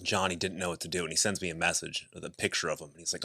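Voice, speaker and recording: Low, bright-voiced man co-hosting. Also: level tone, rapid-fire, gravelly, no echo, studio quality. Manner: eager, laughing storyteller. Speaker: podcast co-host. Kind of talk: casual chat.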